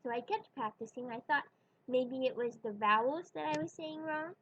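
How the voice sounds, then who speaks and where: A woman's voice: high-pitched, moderate pace, a bit bright, lo-fi sound. A woman teaching pronunciation in a video lesson, patiently demonstrating sounds one by one. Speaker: Spanish teacher.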